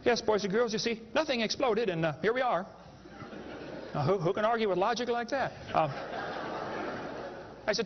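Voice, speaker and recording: A man's voice: high voice, animated, normal speed, long pauses, background noise. A man giving a humorous lecture to a live audience, a folksy, joking storyteller. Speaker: creationist speaker. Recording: echoey hall, dull lo-fi sound.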